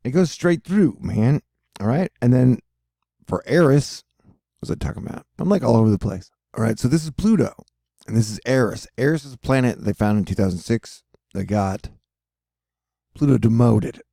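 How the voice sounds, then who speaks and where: Gravelly, rambling man vlogging. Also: mid-range voice, expressive, normal speed, mellow, no room sound, clean studio sound. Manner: rambling, profane, jokey, loses his train of thought. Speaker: weather and space video host. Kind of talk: rambling casual commentary over weather maps.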